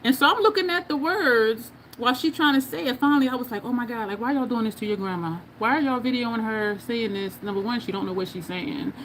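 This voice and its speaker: A woman hosts a relaxed livestream while applying makeup, talking fairly fast with hardly any pauses. Her voice is a little high and fairly bright. She laughs a lot and reads viewer comments aloud, with slight background noise.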